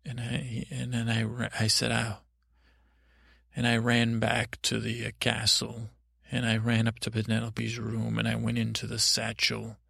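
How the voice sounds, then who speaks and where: A man hosting a podcast, telling a meandering bedtime story in a halting way with many restarts. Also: medium pitch, completely flat delivery, creaky, sharp tone, slightly rough, no echo, studio quality. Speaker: podcast host. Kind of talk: rambling bedtime story narration.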